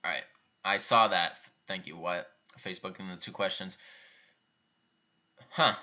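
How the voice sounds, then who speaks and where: A man's voice: sits low, steady tone, unhurried, sharp tone, muffled recording. A young man hosting a live viewer Q&A, reading out questions and answering them offhand and bluntly in a casual chat. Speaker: YouTube channel host answering viewer questions.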